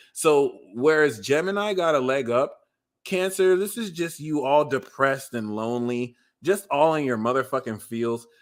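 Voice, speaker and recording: A man giving a casual livestream tarot and astrology reading, excitable and profane, teasing his viewers and swinging into loud outbursts. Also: medium pitch.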